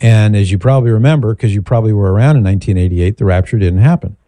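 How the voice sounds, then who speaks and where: Low, mellow-voiced male radio host. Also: no echo. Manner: measured, thoughtful, rambling asides. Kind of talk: call-in advice talk.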